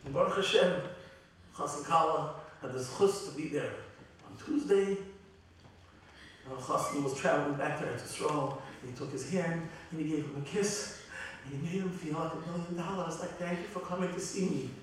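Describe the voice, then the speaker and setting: A middle-aged man, a rabbi, giving a heartfelt, halting eulogy with many restarts. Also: a little high, fairly bright tone, a little hiss or hum. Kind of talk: eulogy at a memorial gathering. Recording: very echoey hall from far off.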